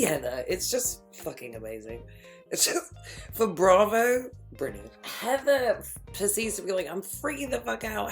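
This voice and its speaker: Lively low-voiced woman recapping reality TV. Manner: animated, gossipy, quick asides, laughs often. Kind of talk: casual chat.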